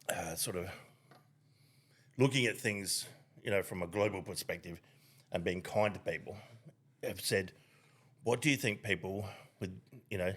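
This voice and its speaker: A man's voice: lowish voice, fairly bright tone, husky. A man co-hosting a crude comedy podcast, swearing freely and laughing often while telling jokes and stories. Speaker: podcast co-host.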